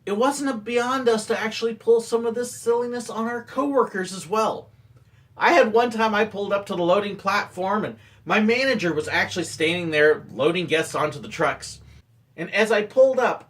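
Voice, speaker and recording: A man's voice: sits high, moderate pace. A man, a former theme park ride operator, telling playful stories in vlog-style narration. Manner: playful, animated storyteller.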